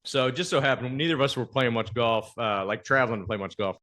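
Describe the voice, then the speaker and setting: A man hosting a podcast, telling a golf story in casual chat and acting out the quoted trash talk with big jumps in pitch. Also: quick pace, sharp tone. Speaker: podcast host.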